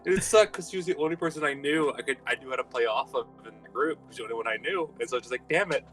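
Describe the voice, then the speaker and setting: A man joking around as a player on a casual streamed tabletop panel. His voice is bright and forward at a middle pitch, and he talks loosely with the odd swear. Faint music plays behind. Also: rapid-fire, poor audio.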